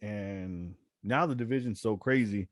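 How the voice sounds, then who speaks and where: This podcast host has a lowish voice and takes his time, recorded cleanly in a studio without room sound. Chatting casually, he tells animated stories but stumbles over restarts.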